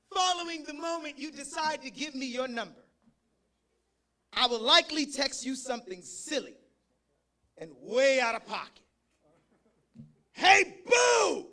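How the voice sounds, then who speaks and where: A high-pitched man with a bright, forceful tone performs spoken word live. He swings from profane comic banter into rhythmic, punchy poetry lines. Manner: profane, joking, rhythmic delivery. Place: live stage at an event.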